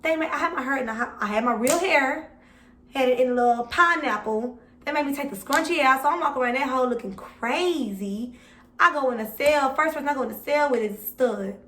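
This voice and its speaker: A woman's voice: sits high, brisk, a bit bright, a little hiss or hum. A young woman vlogger telling a story casually and with swearing, talking straight to her viewers. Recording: echoey room, mic at a distance.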